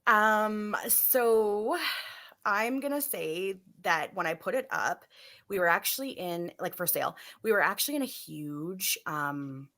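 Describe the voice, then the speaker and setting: A woman in her thirties, a podcast guest, telling a story in a casual, animated way with many fillers. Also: mid-range voice, a little slow. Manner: animated, filler-heavy, acts out voices in quotes.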